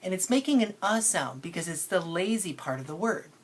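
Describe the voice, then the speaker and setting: A woman teacher talks children through a phonics lesson, patient and playful, drawing out sounds so they can hear them. Her voice is fairly low and breathy. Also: expressive, a little fast.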